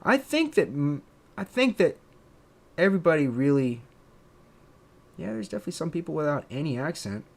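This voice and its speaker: A man from Pennsylvania with a drawn-out, slightly southern accent, musing in a casual live-stream chat, full of fillers and restarts. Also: fairly high pitch, sing-song, creaky. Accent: Pennsylvania, with a drawn-out southern drawl. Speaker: streamer and content creator.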